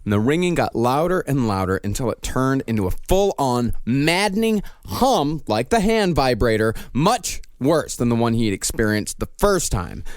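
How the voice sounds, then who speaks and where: A man's voice: mid-range voice, very animated, moderate pace, few pauses, dry recording, studio quality. A man hosting a comedy podcast, narrating a strange story and laughing often.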